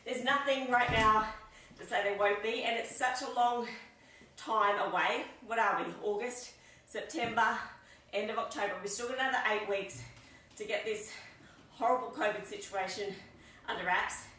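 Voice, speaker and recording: A woman's voice: a little high, normal speed, pushed and bright. Upbeat woman coaching a workout. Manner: upbeat, encouraging, cueing reps and breathing. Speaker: fitness instructor. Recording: echoey room, mic at a distance.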